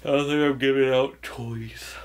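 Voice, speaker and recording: A man's voice: medium pitch, fairly even intonation, normal speed. A young man casually chatting while playing a video game with a friend, joking and exclaiming at what happens on screen. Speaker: let's play co-host. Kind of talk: casual gameplay chat. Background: faint game music.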